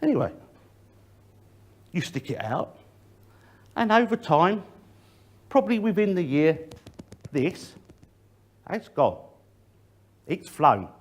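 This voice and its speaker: A man's voice: a little high, sing-song, takes it slowly, pauses often. A middle-aged man gives a public workplace safety talk, speaking directly to the audience and shifting his emphasis often.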